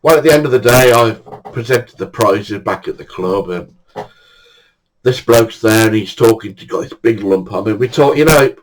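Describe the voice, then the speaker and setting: A man's voice: lowish voice, moderate pace, poor audio. An older man telling true stories in a chatty way, often breaking into laughter. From England. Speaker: storyteller. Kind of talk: casual anecdote telling.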